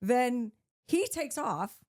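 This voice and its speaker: A woman co-hosting a podcast, telling a story in an animated way, laughing often and swearing casually as she acts out what she said. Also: slow pace. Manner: laughing often, acting out her own quotes with big pitch swings. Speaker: podcast co-host.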